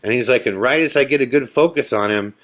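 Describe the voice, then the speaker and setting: A man's voice: mid-range voice, fast, a bit bright. A middle-aged man hosting a podcast, casually retelling a story and acting out what other people said. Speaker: podcast host.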